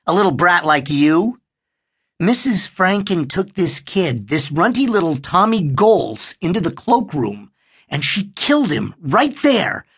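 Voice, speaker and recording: A man's voice: a little high, a bit bright, husky, heavily acted. Guy doing a mean little kid scaring his brother, taunting, sing-song. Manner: sneering, taunting. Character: scheming, cruel young boy tormenting his brother.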